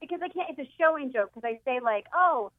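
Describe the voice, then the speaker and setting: Joking high-voiced woman on phone. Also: lively intonation, fast talker, no room sound. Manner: bubbly, joking, laughs often. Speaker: phone-in guest comedian. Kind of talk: casual chat. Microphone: phone line. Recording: tinny dry phone line.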